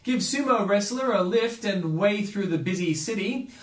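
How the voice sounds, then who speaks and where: A man from Australia reads the day's headlines in a high voice. He slips dry, sardonic remarks in between the items. The recording has a noticeable room echo. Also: expressive, moderate pace. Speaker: news headlines reader. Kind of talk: reading news headlines with wry asides.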